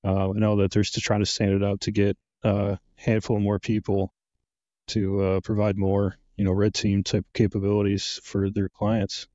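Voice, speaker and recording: A laid-back man answers interview questions in a low, flat voice, pausing often on "uh" and "you know". His tone is dark and mellow. The recording is dry and slightly muffled. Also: dry recording. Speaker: guest, penetration tester.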